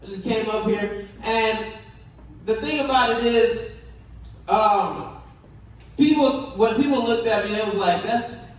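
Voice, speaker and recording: A man's voice: high voice, measured pace, long pauses. A young man from the Caribbean doing a loose, profane stand-up set, chuckling at his own jokes on a comedy club stage. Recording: echoey club from far off, faint noise.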